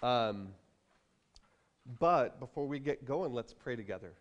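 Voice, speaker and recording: A man in his thirties preaching a sermon, animated, acting out storybook voices as he tells it. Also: mid-range voice, measured pace, long pauses. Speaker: pastor.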